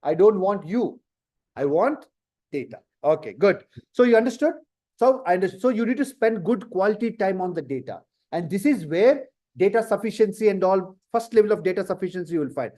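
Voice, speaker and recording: High-voiced lecturer. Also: male voice, brisk. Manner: lively, rhetorical questions to students. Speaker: data science teacher. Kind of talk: classroom lecture.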